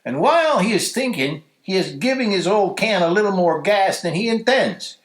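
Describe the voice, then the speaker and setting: Lively man reading a story aloud. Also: high-pitched, normal speed, echoey room. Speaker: story reader. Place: church.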